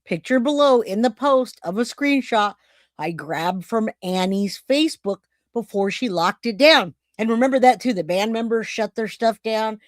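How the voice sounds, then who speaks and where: A man's voice: high-pitched, animated, normal speed, no room sound, clean studio sound. A man hosting a casual true-crime livestream, chatting with viewers and thanking donors by name. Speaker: livestream host.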